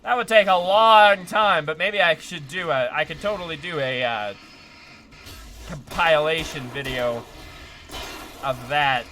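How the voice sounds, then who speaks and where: A man's voice: on the high side, a little slow, pauses often, pushed and bright. A man giving chatty, upbeat live commentary while playing a video game, often laughing and talking to his chat. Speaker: streamer.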